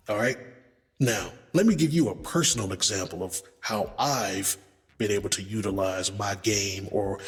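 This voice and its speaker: A man's voice: lowish voice, in a large hall. A man talking casually and emphatically as a relationship advice vlogger, addressing listeners as brothers and swearing freely. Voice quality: profanity-laced, emphatic. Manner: conversational, acts out quotes, addresses men as brothers.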